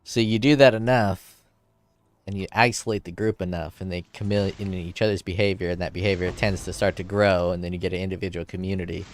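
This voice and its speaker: A man's voice: sits low, a little hiss or hum. A man streaming a game, chatting casually and rambling through crude jokes.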